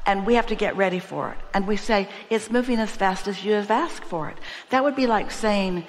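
Woman, seminar speaker, emphatic and repetitive "we" delivery, mid pitch, long hall reverb. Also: expressive, brisk, hardly any pauses. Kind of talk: spiritual teaching to a live audience.

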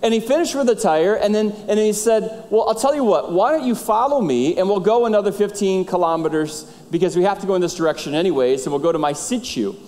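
A middle-aged male pastor telling a story in a sermon, animated and acting out the dialogue. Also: high-pitched, fast talker, few pauses. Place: church sanctuary. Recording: church hall reverb.

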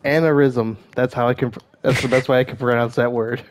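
A man's voice: medium pitch, steady tone, brisk. A man hosting a casual gaming session, teasing his squad and laughing often. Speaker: gamer host.

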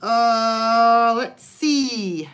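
A woman's voice: on the high side, drawn-out words, fairly bright tone, clear, resonant tone. A woman hosting a live online vintage sale, chatting and greeting viewers by name as she shows each item. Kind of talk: live-stream sale chat.

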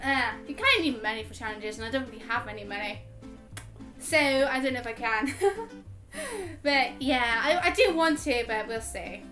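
A woman's slightly high voice comes through bright and forceful at normal speed, with faint music behind it. She's a gaming YouTuber in a chatty Q&A vlog, giggling frequently and using ums as filler while answering viewers.

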